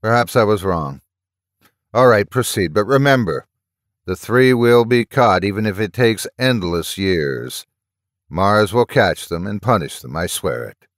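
A man's voice: lowish voice, animated, unhurried, dry recording, clean studio sound. A man voicing a stern, menacing male Martian officer who questions prisoners in a cold, commanding way.

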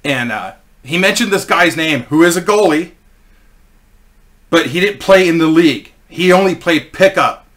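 A man's voice: fairly high pitch, pushed and bright. A man in his forties telling a rambling, profane story in a casual way. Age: 40s.

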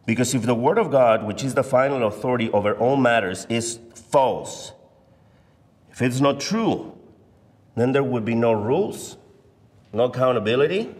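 A man gives a Bible lesson at a deliberate pace, leaning hard on the words he wants to land. His mid-range voice rings out with a long reverb in a large church hall. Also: medium pitch. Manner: measured, deliberate, emphatic on key words. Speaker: Sunday school teacher. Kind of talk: Bible teaching lecture. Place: church sanctuary.

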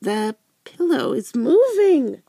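A man doing a high excitable girl sidekick. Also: slow, creaky, no room sound, full character voice. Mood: eager. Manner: eager, exclaiming.

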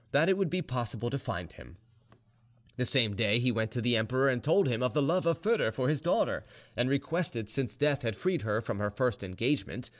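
A man reading an audiobook as narrator, expressive and giving each character a voice of his own. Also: mid-range voice.

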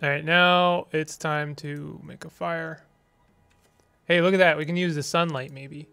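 An unhurried gaming streamer with a mid-range voice talks through a let's play. They are playful and exasperated by turns, with loud dramatic outbursts, goofy invented words and quiet muttered asides. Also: medium pitch, steady tone, creaky, clear, resonant tone, faint music behind.

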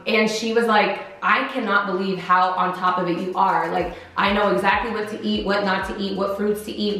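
A woman's voice: medium pitch, a bit bright. A young woman vlogger chatting to camera, emotional and laughing through tears. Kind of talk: casual chat to camera. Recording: echoey room with music behind.

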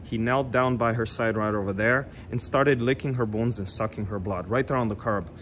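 A man's voice: medium pitch, normal speed, a bit bright, slight background noise. A middle-aged man, a tour guide, animatedly telling a legend outdoors on a city street and pointing out spots. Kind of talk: storytelling on a walking tour.

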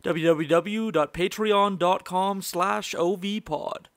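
A man co-hosting a podcast, upbeat and brisk, reading plugs and chatting casually. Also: high-pitched, no room sound, clean studio sound. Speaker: podcast co-host.

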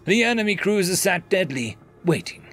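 A man's voice: sits high, very animated, moderate pace, a bit bright, faint music behind. A man narrating a scripted science fiction story in a dramatic, dry manner.

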